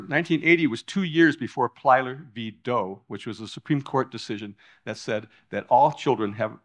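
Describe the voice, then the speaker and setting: Animated man giving a public lecture. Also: fairly low pitch. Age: older. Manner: animated, emphatic delivery with frequent restarts. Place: lecture hall before an audience.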